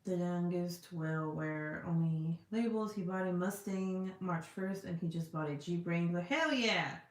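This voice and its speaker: A woman's voice: lowish voice, fairly even intonation, measured pace, dark tone. Chatty, swearing woman in an echoey room. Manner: chatty, swears freely, lots of "like" fillers. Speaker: vlogger reading viewer comments. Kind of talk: casual chat.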